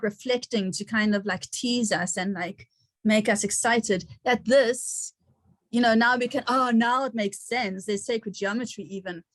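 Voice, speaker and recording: A woman's voice: a little high, dry recording. A woman hosting an online gathering, sharing personal stories in a chatty way with frequent laughter and fillers.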